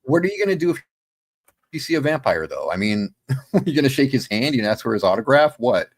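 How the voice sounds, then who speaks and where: A man's voice: mid-range voice, big pitch swings, a little fast, dry recording. A man as a guest on a live chat show, reacting in a laid-back, joking way. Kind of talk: casual chat.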